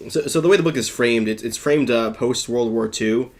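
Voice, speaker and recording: Male podcast host, gravelly, mid-pitched, rambling and eager. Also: normal speed. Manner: rambling, enthusiastic, restarts often. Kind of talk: casual chat.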